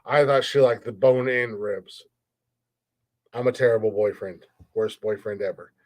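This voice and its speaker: A man's voice: on the low side, unhurried. A man from the United States hosting a comedy podcast, chatting casually and playfully, teasing and mocking himself. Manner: playful, joking, self-mocking. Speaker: podcast host.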